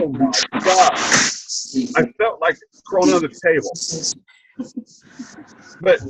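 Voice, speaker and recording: The audio is poor, with a bit of hiss or hum, as an older man in a training session gives a tearful personal testimony on a video call. His fairly high voice sounds pushed and bright, and he stumbles and repeats himself while getting choked up.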